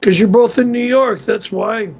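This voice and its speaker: A man hosting a livestream and reading out tips, gruff and easily exasperated, swearing often, talking while wearing a tight neck brace. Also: high voice, moderate pace, darkish tone, muffled recording. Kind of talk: casual livestream talk.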